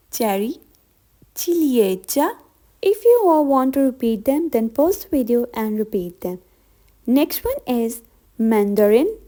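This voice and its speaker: Very slow-paced woman teaching vocabulary. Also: a little high, a little mellow. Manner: repeats each word slowly and deliberately. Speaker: language teacher.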